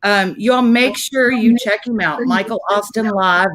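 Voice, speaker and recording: A woman's voice: a little high, moderate pace, crowd noise. A woman hosting a casual interview over a video call, talking in an effusive way and laughing easily. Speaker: interview host.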